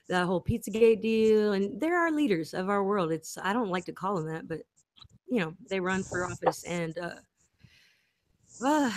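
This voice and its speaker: A woman in a rambling casual chat, giggling and interrupting herself often. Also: medium pitch. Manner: giggly, meandering, with frequent self-interruptions. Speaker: host.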